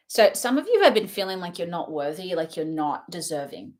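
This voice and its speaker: A woman's voice: fairly low pitch, sing-song, normal speed, darkish tone. A young adult woman giving a casual, rambling oracle card reading, chatty and often laughing between thoughts. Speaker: tarot reader.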